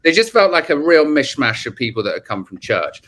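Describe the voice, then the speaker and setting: A man's voice: a little high, a little fast. A man with children, a podcast guest, telling a story in casual chat with lots of swearing and acted-out quotes. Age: adult, has children. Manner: animated, swearing, acts out quotes.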